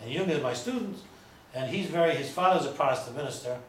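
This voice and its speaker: Man lecturing as a rabbi, rambling storyteller, slightly high voice, echoey room heard from far off. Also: expressive, fast, background noise. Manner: chatty, digressive, joking asides. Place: lecture room with a small audience.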